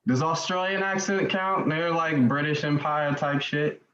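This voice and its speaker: A man with a fairly high voice performs a spoken word poem, landing each line with punchy, sardonic rhythm. He is heard over a remote video call. The sound is roomy and a bit muffled, as if he were in an echoing room. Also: level tone, unhurried, very noisy. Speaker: slam poet.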